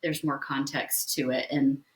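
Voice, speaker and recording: A woman's voice: rumbling low, level tone, a little slow. A woman co-hosting a podcast, chatting casually with rambling enthusiasm. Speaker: podcast co-host. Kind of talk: casual chat recapping reality TV. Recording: echoey room.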